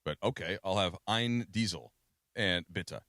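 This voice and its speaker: Low-voiced man on sports radio. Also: a little slow, fairly bright tone, no echo. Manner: conversational, breaks off and restarts his sentences. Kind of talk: casual sports radio discussion. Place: radio studio.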